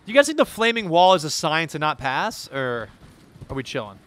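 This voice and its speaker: Excitable high-voiced male streamer yelling. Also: moderate pace. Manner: excitable, yells and swears at surprises; drops to muttered asides between outbursts. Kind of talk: live gameplay commentary.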